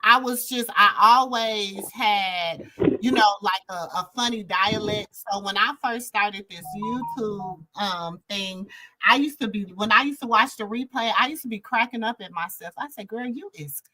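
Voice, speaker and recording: A woman from Minnesota with a Southern-tinged accent, hosting a casual live chat and telling relaxed stories. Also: mid-range voice, a little slow, background noise. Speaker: channel host.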